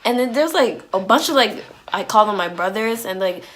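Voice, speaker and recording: A woman telling a personal story on her vlog in an animated, slangy way, full of "like"s and restarts. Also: medium pitch, normal speed. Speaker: vlogger.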